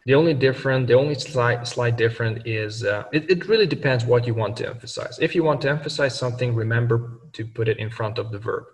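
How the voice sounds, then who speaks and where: In a video lesson, a male language teacher methodically walks through grammar, backing each point with worked examples. His medium-pitched voice moves quickly with hardly any pauses and is heard from some distance in a room with long, ringing reverb.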